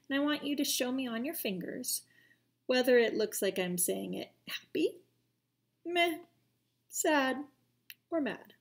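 A woman teacher giving a video lesson to children, speaking gently and patiently and asking them questions directly. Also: high-pitched.

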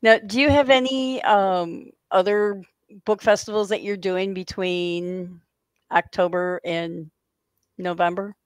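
A woman's voice: medium pitch, fairly even intonation, takes it slowly, clear, resonant tone, dry recording. A woman hosting an author interview, chatting casually with short, encouraging replies. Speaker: interviewer host.

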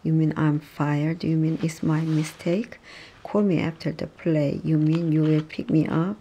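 A speaker reading English practice dialogues aloud, halting and restarting often. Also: medium pitch, flat delivery, dark tone, muffled recording, a little hiss or hum.

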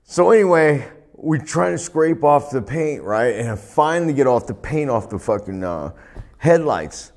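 A retired wrestler telling profane, laughing stories in a sit-down interview, recorded on a lapel mic indoors. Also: male voice, mid-range voice, normal speed. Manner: profane, laughing, animated anecdotes. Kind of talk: storytelling shoot interview.

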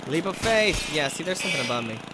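A man giving excited gameplay commentary, yelping, exclaiming and trash-talking as he plays. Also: a little high, fast talker, very noisy. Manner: excitable, yelps and exclaims loudly; trash-talks the game. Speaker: gamer.

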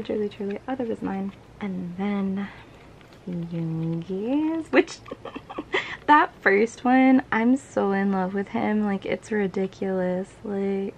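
A woman vlogger gushing through an unboxing, excitable and often dropping to a whisper. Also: medium pitch, a little hiss or hum, poor audio. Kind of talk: casual unboxing commentary.

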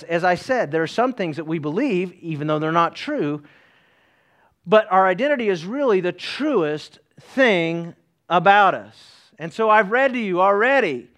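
A man's voice: sits high, fairly bright tone. A middle-aged man from East Tennessee, preaching a sermon in a folksy way with joking asides to the congregation. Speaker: pastor.

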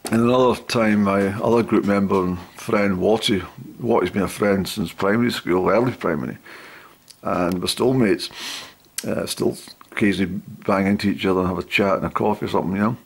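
Rambling man with a low voice. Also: vocal fry, husky. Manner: rambling, full of pauses and fillers. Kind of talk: casual storytelling to camera. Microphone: camera.

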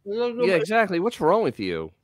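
Male co-host, playful banter, animated pitch, dry sound. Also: moderate pace, dry recording. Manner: playful, laughing often. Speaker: podcast co-host. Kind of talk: casual chat.

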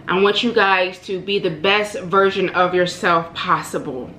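A woman's voice: lowish voice, steady tone, unhurried, bright, forceful tone, roomy sound, slight background noise, low-quality recording. A woman vlogger speaking straight to her viewers with heartfelt encouragement, repeating phrases for emphasis and calling them baby and honey. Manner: impassioned and repetitive, preacherly, calls listeners baby and honey. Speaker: mukbang vlogger. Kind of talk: heartfelt direct-to-camera encouragement.

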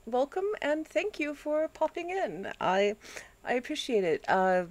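Slow, calm woman streaming a game. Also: high voice, no echo. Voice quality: calm, soothing voice. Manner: drifts between chatting to viewers and fussing at her dog. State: groggy after a headache. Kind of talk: casual live-stream gameplay chat.

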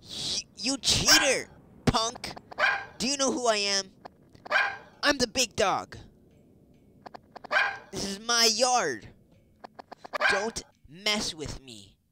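Man doing a bully guard dog, tough-guy menace, slow and swaggering, noisy recording. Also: high-pitched, lively intonation, voice pushed up. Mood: shouting. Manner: gruff, threatening tough-guy talk. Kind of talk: game voice-over role-play.

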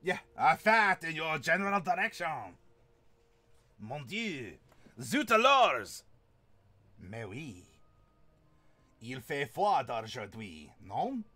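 A man puts on a boastful male villain with a thick, outrageous French accent, as if from a tabletop game. He hams up every phrase with mock exclamations, and his voice sits somewhat high. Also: big pitch swings, slow, pauses often, bright, forceful tone, exaggerated voice. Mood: theatrical. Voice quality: exaggerated fake French accent. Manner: hammy, playful delivery with mock exclamations.

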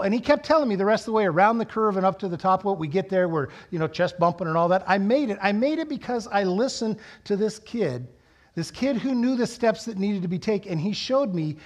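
A middle-aged male pastor preaching from the pulpit, his fairly high voice swinging between quiet reflection and loud, excited storytelling. He leans into anecdotes and punches key words for emphasis. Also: a little fast. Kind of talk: sermon. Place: church sanctuary.

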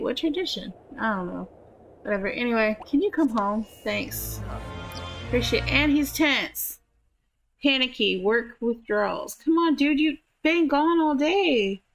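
A woman's voice: on the high side, lively intonation, unhurried, long pauses, slight background noise. A woman giving casual gameplay commentary, chatting to her characters and swearing offhandedly. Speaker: gameplay streamer.

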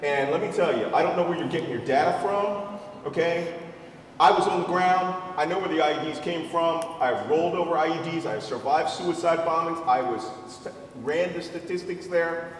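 A man's voice: fairly high pitch, normal speed, a little hiss or hum. A man, a military veteran, rebutting bluntly on a debate panel. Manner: blunt and combative. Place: large event hall with audience. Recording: distant mic in echoey hall with crowd.

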